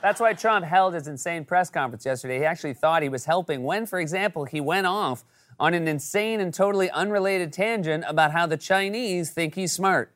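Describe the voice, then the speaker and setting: High-voiced sarcastic late-night comedy host. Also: male voice, a little fast, a bit bright. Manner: sarcastic, jokey delivery. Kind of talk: comedic monologue.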